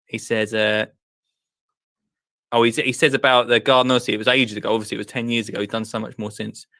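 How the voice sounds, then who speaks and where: Excitable man hosting a live show. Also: fairly low pitch, fast, no room sound. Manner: excitable, breathless, full of restarts. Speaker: host. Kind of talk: excited live-stream chat.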